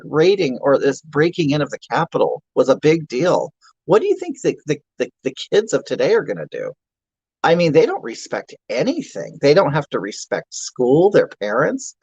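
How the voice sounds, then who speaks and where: A man's voice: on the high side, a little mellow, breathy edge, no echo, dull audio, exaggerated voice. A man playing a crude, self-mocking obese middle-aged woman who rambles, stammers and answers chat comments on a comedy livestream. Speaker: livestream comedy character host. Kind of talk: improvised livestream character comedy.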